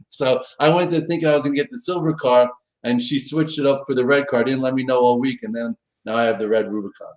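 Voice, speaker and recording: A man's voice: medium pitch, fairly even intonation, quick pace. A middle-aged man, a pro trader, casually telling a story on a live stream, acting out quoted dialogue with big jumps in his voice.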